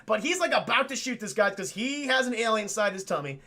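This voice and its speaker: Young guy streamer ranting about a movie to chat, swears a lot, high raspy voice. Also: fast. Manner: excitable, swearing, laughs often. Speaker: film review streamer. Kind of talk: casual film recap talking to live chat.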